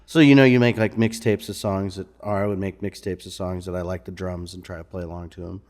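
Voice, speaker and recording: Male musician guest, from Missouri, low voice, easygoing conversational delivery. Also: fairly even intonation, fast, a little mellow. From Missouri, USA. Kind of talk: casual interview conversation. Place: bar lounge.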